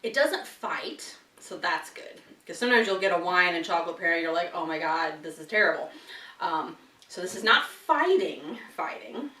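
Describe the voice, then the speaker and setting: A chatty woman hosting a casual tasting vlog, talking through bites and laughing easily. Her voice sits a little low. The sound is roomy and picked up from some distance away. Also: expressive, normal speed, bright, forceful tone. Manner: chatty, talks while chewing, frequent laughs. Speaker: wine and chocolate tasting host.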